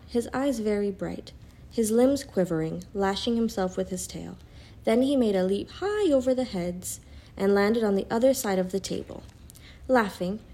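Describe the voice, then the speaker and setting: A woman reading a children's storybook aloud in a calm, even narrating voice. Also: on the high side.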